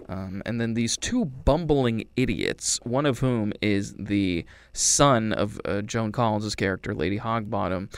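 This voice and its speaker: A man reviewing a film in a loose, rambling way, with a wry edge and quick character voices thrown in. His voice is smooth and clear at a middling pitch. The recording is close and dry. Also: no echo. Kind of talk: casual movie review.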